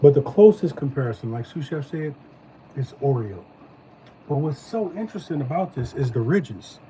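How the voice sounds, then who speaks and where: A man hosting a live stream, chatting casually as he reviews snacks, animated and slangy. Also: mid-range voice, moderate pace, slight background noise, low-quality recording. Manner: animated, loose slangy talk.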